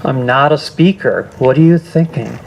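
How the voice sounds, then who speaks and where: An older man giving a personal testimony speech at a school assembly, earnest and halting, often restarting his sentences. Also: medium pitch, creaky, lo-fi sound, a little hiss or hum. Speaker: guest speaker.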